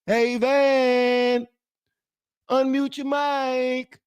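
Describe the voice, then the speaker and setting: A heckling young male chat viewer, put on by a man, in a squeaky, raised voice that pokes fun at the streamer. He sounds close and dry, with no room around him, taunting in a quick, cocky way. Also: little pitch movement, clear, resonant tone, no room sound, exaggerated voice. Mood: mocking.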